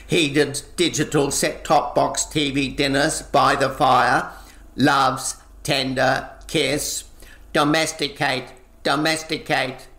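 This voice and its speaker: A man performing comic spoken-word poetry in a rhythmic, deadpan delivery, recorded with a roomy echo. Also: mid-range voice. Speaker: performance poet.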